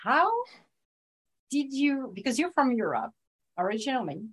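A woman hosting a podcast, bubbly and excitable, laughing often as she introduces her guest. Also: fairly high pitch, moderate pace, slightly rough. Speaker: podcast host. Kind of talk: casual interview chat.

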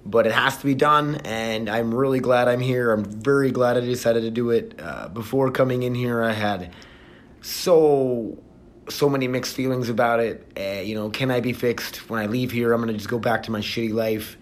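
Male podcast host, candid and emotional, talks straight into a phone with mid-pitched, loose, rambling delivery. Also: normal speed. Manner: candid, rambling, with many restarts and fillers. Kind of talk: casual solo podcast talk. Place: residential treatment facility, indoors.

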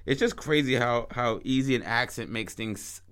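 A man's voice: medium pitch, normal speed, fairly bright tone, clean tone. American man bantering crudely. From United States. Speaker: podcast co-host. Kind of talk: casual chat.

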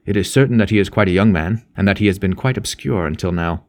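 A man voicing a young, ambitious male politician who speaks in a quiet, clipped and subdued way in an audiobook. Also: low voice, fast, natural voice.

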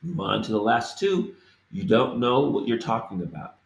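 Man slowly enunciating in an echoey room. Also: on the low side, animated, creaky. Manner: slow, deliberate enunciation of each phrase. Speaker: Spanish teacher. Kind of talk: language lesson with repeated phrases.

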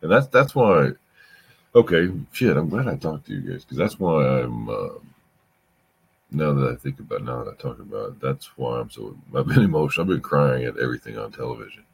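A middle-aged man hosting a rambling late-night podcast, weary and halting, often losing his thread and sounding emotional. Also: very deep voice, lively intonation, gravelly, slightly rough. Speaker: podcast host.

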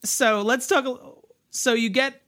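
A man's voice: extremely high pitch, fairly even intonation, a little slow, pushed and bright, no echo. Dry-voiced man chatting about a film. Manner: chatty, filler-heavy, rambling analysis. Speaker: podcast co-host. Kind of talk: casual film discussion.

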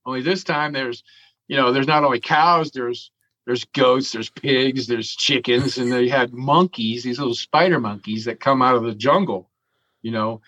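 A middle-pitched male voice recounts an old adventure in a loose, rambling way, cursing casually and breaking into chuckles. The recording is somewhat dull and lo-fi, without much crispness. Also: fairly bright tone. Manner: profane, chuckling, drawn-out storyteller. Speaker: interview guest telling a story. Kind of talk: casual storytelling.

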